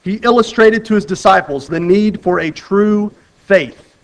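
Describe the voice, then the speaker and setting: Earnest preacher man, fairly high voice. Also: unhurried, poor audio. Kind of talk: sermon with Bible reading.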